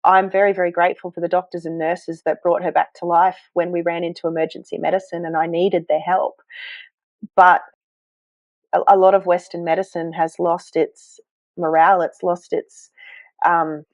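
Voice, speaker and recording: A woman, a health coach, telling her story to a podcast host in an earnest, animated way, with self-deprecating asides. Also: fairly low pitch, moderate pace, no echo. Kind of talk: conversational storytelling. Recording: dull, dry sound.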